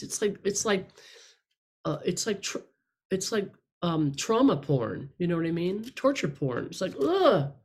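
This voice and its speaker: A woman's voice: mid-range voice, big pitch swings, normal speed, a little mellow, husky. A middle-aged woman candidly telling her life story to a room of listeners, rambling and self-deprecating. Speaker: speaker sharing her story. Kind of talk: personal testimony to a room.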